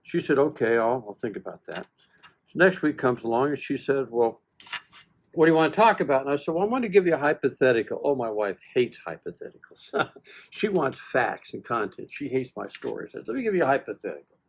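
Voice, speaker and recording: A veteran guest in his seventies from the United States recounts a long personal story during a casual interview, acting out each side of the dialogue with self-deprecating, folksy animation. His husky voice is medium in pitch and fairly quick.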